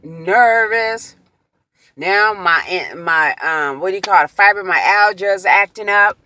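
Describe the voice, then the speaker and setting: Upset woman vlogger, bright voice. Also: medium pitch, slow. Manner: emotional, animated retelling with quoted exclamations. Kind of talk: personal storytime vlog.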